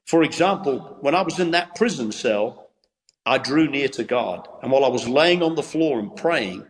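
An English man preaches a devotional, leaning on repeated phrases and a steady, preacherly rhythm. His voice carries a long reverb, as if heard in a large, echoing space. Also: mid-range voice, moderate pace. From England. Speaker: pastor and evangelist. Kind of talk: devotional talk on a Christian TV show.

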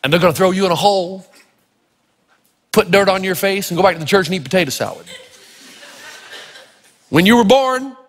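A man from Tennessee preaching a sermon, telling folksy, humorous stories in an animated way. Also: high voice, a little fast, long pauses. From Tennessee, United States. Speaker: pastor. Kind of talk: sermon with storytelling. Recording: echoey hall.

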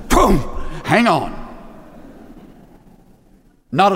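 A male pastor delivering a sermon in a big reverberant hall, his voice a touch high for a man. He swings his pitch widely, leaning hard on key words and acting out brief exchanges. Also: measured pace, slight background noise. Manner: animated, emphatic preaching with dramatized asides. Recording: long reverb of a large hall.

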